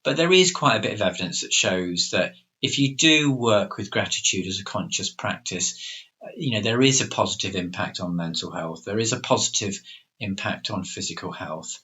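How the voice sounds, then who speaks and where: A middle-aged man, a coach who co-hosts a podcast, speaks at a moderate pace with a fairly low pitch and a bright, forceful tone. His reflective discussion is thoughtful and hesitant, with many fillers, and the recording has a dull lo-fi sound.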